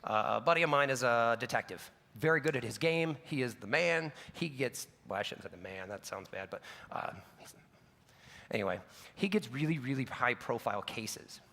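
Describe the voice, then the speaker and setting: A male pastor tells a story in a gravelly, forceful voice, earnest and conversational, catching himself with quick asides. His words ring out with a long reverb from a large hall. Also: mid-range voice, animated. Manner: earnest, personal, with self-corrections and asides.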